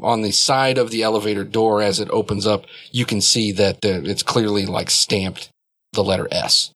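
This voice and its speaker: A man's voice: lowish voice, fairly even intonation, normal speed, a bit bright, a little hiss or hum. A man narrating a tabletop game as game master, describing scenes loosely with many fillers.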